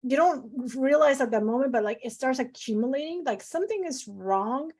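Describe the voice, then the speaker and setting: A woman's voice: high-pitched, lively intonation, fairly quick, a little mellow. A middle-aged woman physician guest on an interview, talking effusively with many fillers and acting out the voices she quotes. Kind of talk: casual interview talk.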